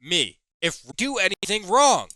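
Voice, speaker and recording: A man's voice: high-pitched, very animated, normal speed, pushed and bright, dry recording. A man hosting a heated commentary video, reading chat logs aloud and swearing as he accuses someone. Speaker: commentary host.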